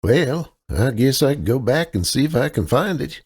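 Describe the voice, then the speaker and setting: A man's voice: medium pitch, very animated, moderate pace, darkish tone, husky, voice pushed up. A man voicing a skinny young male desk clerk in his twenties, obliging and a bit fumbling. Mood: eager, helpful. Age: 20s.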